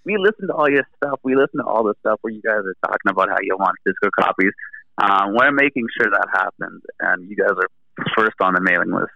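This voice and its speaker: A man's voice: fairly low pitch, lively intonation, fast, creaky, pushed and bright, no echo, highs cut off. A Canadian man, a band's singer and guitarist, talking in a laid-back, rambling way as an interview guest. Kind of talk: casual interview chat.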